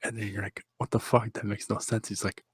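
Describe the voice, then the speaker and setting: A man's voice: lowish voice, flat delivery, a little fast, husky, no room sound. A man telling a rambling, crude, improvised comic story, often breaking into laughter.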